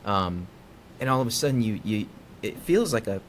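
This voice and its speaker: A man with a fairly low voice explains how people behave, in an easy conversational way. He slips into quoted dialogue with shifting inflection. A faint background noise sits under the recording. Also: sing-song, normal speed. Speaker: guest psychologist.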